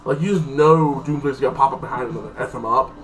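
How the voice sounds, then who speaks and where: A man's voice: mid-range voice, fast, fairly bright tone, recorded from a distance, rough recording. A man giving a casual, rambling recap of a TV episode, often saying "like this" and "like that" and swearing offhand. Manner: rambling, heavy use of "like this" and "like that". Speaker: TV episode reviewer.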